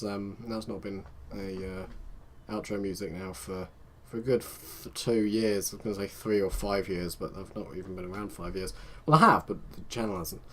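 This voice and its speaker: Rambling man commenting on gameplay. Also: on the low side. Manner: rambling, chatty, talks to himself. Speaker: let's play host.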